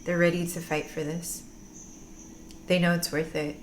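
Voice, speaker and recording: A woman's voice: lowish voice, little pitch movement, normal speed, a little hiss or hum. A woman giving a casual tarot reading, gushing and teary-eyed, laughing often and using slang. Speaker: tarot reader.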